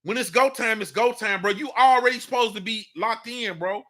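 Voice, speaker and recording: High-voiced guy with aave, hosting a morning show, riffs on boxing, bright edge, keeps saying you feel me. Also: normal speed. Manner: animated, slangy, repeats "you understand what I'm saying". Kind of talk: casual boxing talk monologue.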